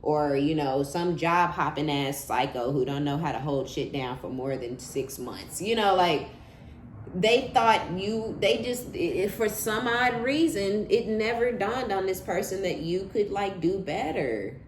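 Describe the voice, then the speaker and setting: Low-voiced blunt woman reading tarot. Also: expressive, unhurried. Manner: blunt, profane, laughing asides, slangy. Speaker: tarot reader. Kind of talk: casual tarot reading monologue. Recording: echoey room with faint background hum.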